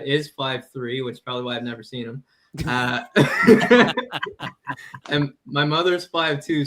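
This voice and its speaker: A man's voice: medium pitch, fairly bright tone. A man from Canada co-hosting a comedy podcast, getting worked up and swearing freely in casual chat. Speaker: podcast co-host.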